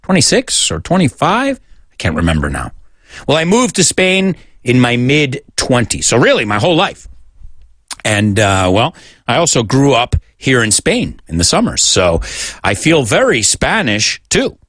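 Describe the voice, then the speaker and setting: Lively, chatty American man, dry studio sound. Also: medium pitch, unhurried, dry recording. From United States. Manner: chatty, jokey, switching between English and Spanish. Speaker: radio host teaching English. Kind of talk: bilingual radio show, English lessons in Spanish.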